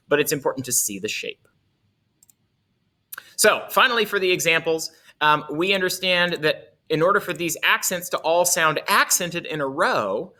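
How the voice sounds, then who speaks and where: A man's voice: fairly high pitch, bright, forceful tone. A man teaching a music lesson, explaining in an upbeat, playful way with little asides.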